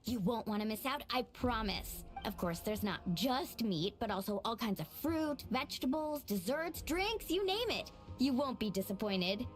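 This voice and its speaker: A woman voicing a cheerful, energetic young woman in a game, chatty and enthusiastic. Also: a little high, normal speed, hardly any pauses, lightly acted. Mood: enticing. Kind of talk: game voice acting. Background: game music.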